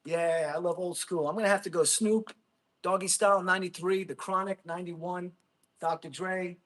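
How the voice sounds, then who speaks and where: Excitable, rambling livestreamer. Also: male voice, sits high, moderate pace. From Jersey City, USA. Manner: rambling, excitable, laughs a lot, talks to chat. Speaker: livestream host, Marine veteran. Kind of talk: casual livestream chat.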